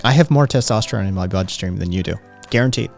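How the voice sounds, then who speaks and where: A man's voice: on the low side, quick pace, creaky, soft background music. A man hosting a livestream, chatting casually with viewers in a brash, teasing, profane way. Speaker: livestream host.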